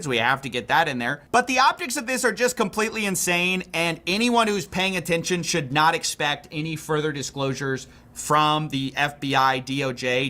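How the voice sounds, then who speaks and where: Bright, high-voiced male commentator. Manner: indignant, sarcastic explaining. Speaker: political commentary streamer. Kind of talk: livestream political commentary.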